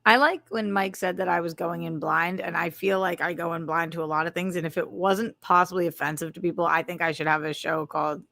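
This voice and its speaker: A woman's voice: lowish voice, fairly even intonation, brisk, gravelly, few pauses, sharp tone, dry recording, clean studio sound. A woman co-hosting a casual chat show, chatty and playful, joking about herself and her acting work. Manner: chatty and playful, jokes and laughs often. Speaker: co-host and actress.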